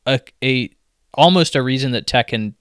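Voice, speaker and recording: A man's voice: mid-range voice, moderate pace, a bit bright, clear, resonant tone, dry recording, studio quality. A man co-hosting a casual gaming podcast, wry and joking as he talks things over with friends. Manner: wry, joking, slips into mock grumpy voices. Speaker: podcast co-host.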